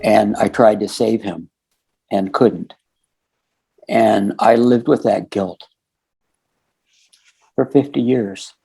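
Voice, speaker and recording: Gravelly older man telling a story. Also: lowish voice, steady tone, takes it slowly, long pauses, mellow. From United States. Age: 60s. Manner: retells conversations with many quoted lines. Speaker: guest. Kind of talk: storytelling interview.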